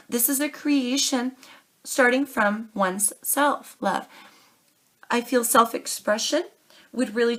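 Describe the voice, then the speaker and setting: A woman's voice: a little high, fairly bright tone. A young adult woman doing a tarot reading to camera, earnest and pleading, calling her listeners darling and baby. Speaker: tarot reader.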